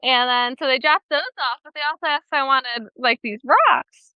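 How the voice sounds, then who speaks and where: A woman's voice: high voice, normal speed, smooth, dry recording. A young woman co-hosting a podcast, chatting casually and rambling through her stories with frequent self-corrections. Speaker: podcast co-host. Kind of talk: casual chat. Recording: dry, slightly dull remote audio.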